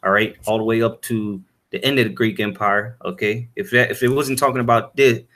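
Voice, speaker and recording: Halting man teaching from scripture. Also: lowish voice, steady tone, a bit bright. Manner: halting, many fillers and "all right?" tags; reads verses aloud in old-fashioned wording. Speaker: Bible teacher.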